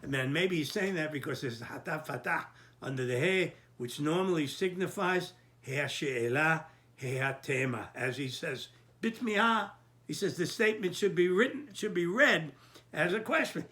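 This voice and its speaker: A man teaching a Torah lesson, explaining a verse in a halting way with frequent restarts and Hebrew terms. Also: on the high side, pushed and bright.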